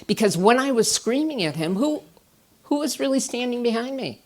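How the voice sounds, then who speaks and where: A woman therapist giving a conference talk, telling personal stories with animated swings from quiet asides to emphatic bursts. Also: fairly high pitch, normal speed. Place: stage at a conference.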